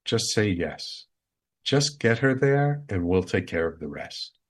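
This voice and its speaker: A man voicing a calm, guiding angel's voice in his head, slow and firm. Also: lowish voice.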